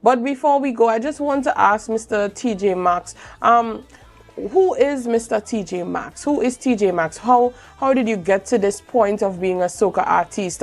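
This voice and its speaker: A woman's voice: mid-range voice, darkish tone. Encouraging woman hosting a morning show. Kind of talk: casual interview chat.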